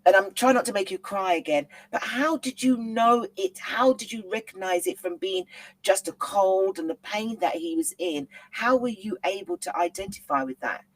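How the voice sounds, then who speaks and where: A woman's voice: mid-range voice, normal speed, no room sound, rough recording. Soothing woman talk show host. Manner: soothing, encouraging.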